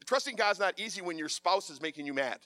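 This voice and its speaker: A man delivers a sermon in a loud, passionate, animated way. His voice sits a bit high and rings bright and forceful. The sound is dry and close. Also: quick pace, no echo. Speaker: preacher.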